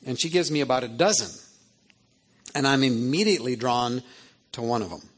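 Husky man telling a story. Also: medium pitch, normal speed. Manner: animated, chatty, keeps asking "right?". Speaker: author and speaker. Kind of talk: storytelling talk to an audience.

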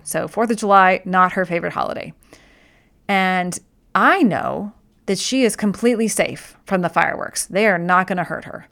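A woman's voice: lowish voice, a bit bright. A woman speaking as a wellness host in a casual explanatory talk, conversational, often restarting and repeating words.

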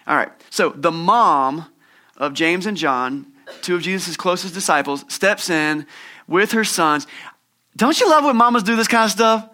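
A middle-aged man preaching a sermon in a conversational, humorous way, telling lively stories from his own family. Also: a little high, normal speed. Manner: conversational, humorous, animated storytelling. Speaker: pastor.

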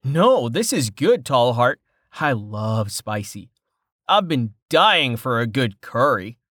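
A man's voice: medium pitch, very animated, takes it slowly, a bit bright, no echo, clean studio sound, full character voice. A male narrator voicing a stubborn, wry young man who protests about his injuries. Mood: cheerful.

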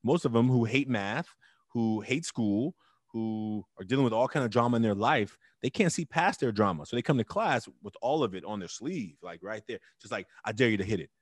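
A middle-aged man telling his story as an interview guest, emphatic and animated with loud bursts. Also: medium pitch, moderate pace, no room sound. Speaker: interview guest, teacher and club founder.

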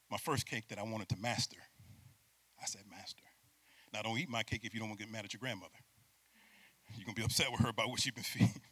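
A man preaching a sermon, moving between hushed asides and loud emphatic peaks and asking the congregation to repeat words after him. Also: on the low side, husky.

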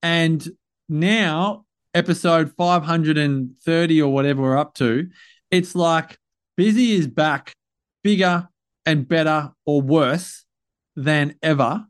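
A man's voice: fairly high pitch, slow pace. A man hosting a podcast in a chatty, upbeat, loose way. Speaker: podcast host. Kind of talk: casual podcast chat.

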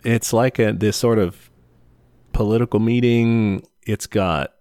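Very deep-voiced man, dry close sound. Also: measured pace, no echo. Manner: relaxed, many fillers, explains history. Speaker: podcast co-host. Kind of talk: casual chat about a film.

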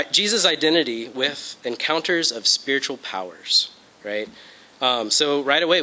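A man's voice: medium pitch, sharp tone, low-quality recording. A young man giving an informal Bible lesson, talking through his notes with fillers and "okay?" check-ins. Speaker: Bible study teacher. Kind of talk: informal lecture presentation.

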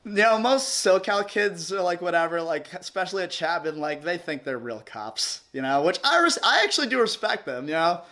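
A man's voice: sits high, very animated, a little fast, hardly any pauses, bright, forceful tone. A young man with a New York accent telling a rowdy story in casual chat, rambling, cursing and laughing often. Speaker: podcast guest.

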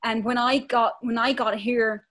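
An Irish woman in her thirties, an actress talking in an interview, animated and passionate. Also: fairly high pitch, a little slow. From Ireland. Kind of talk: conversational interview.

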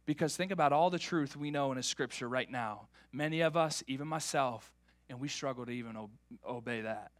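A man preaching a sermon to his church, animated and repeating words as he builds each point. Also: medium pitch, a little fast, dry recording. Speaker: pastor.

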